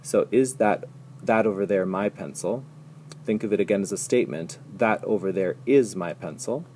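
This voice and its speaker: A man teaching a language lesson over slides, explaining step by step and repeating example sentences slowly and patiently. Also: lowish voice, darkish tone, slight background noise. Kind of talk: recorded slide lecture.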